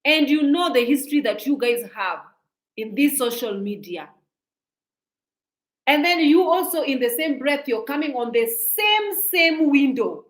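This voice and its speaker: A woman's voice: sits high, animated, a little slow, roomy sound, poor audio. A woman in her forties giving a scolding, preachy commentary monologue, repeating her points. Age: 40s. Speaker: social media commentator.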